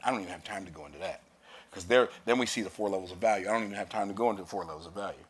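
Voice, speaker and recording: A man's voice: lowish voice, expressive, very fast, slightly rough. A man preaching a sermon, reading scripture aloud and explaining it with emphatic, rising declarations.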